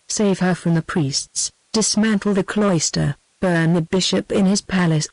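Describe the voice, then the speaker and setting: A woman's voice: fairly low pitch, no echo, close to an everyday voice, poor audio. A woman's synthetic voice reading a boastful young scamp. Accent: British English. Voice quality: even synthetic text-to-speech reading. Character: brash young male scamp in armor, boastful.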